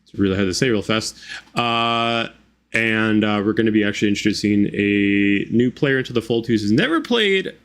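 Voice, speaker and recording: A man hosting as dungeon master in a tabletop game, talking casually with halting speech full of fillers. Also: fairly low pitch, lively intonation, fairly bright tone.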